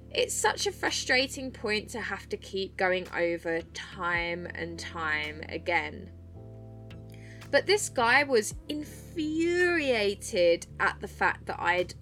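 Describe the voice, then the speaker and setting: A young woman talks through her nights at work in a bubbly, chirpy monologue, unhurried and in no rush. Her voice is bright and forward, with faint music underneath. She swears freely and sounds loose and casual. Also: medium pitch. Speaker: podcast host and club dancer.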